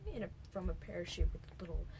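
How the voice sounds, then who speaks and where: A woman's voice: lowish voice, steady tone, quick pace, creaky, noisy background. A young woman casually recapping a movie for her vlog, rambling and jumping between points with whispered asides. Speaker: movie reviewer.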